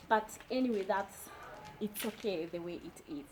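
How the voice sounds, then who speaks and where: A woman from Kenya teaching a slow beginner language lesson, repeating each phrase carefully. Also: mid-range voice, rough recording. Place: indoors during heavy rain. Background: rain.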